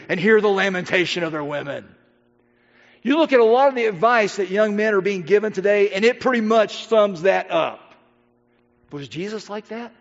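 A man preaching a sermon, swinging between loud emphatic lines and hushed, quiet passages. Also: sits high. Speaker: pastor. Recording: dull audio with long hall reverb.

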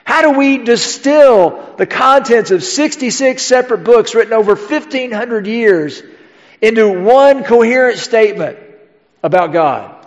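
A middle-aged pastor preaches in an easy, conversational way and keeps asking rhetorical questions of his congregation. His voice sits fairly high for a man. It carries through a church sanctuary with a long tail of reverb, captured on a dull, muffled recording. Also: animated, unhurried. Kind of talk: sermon.

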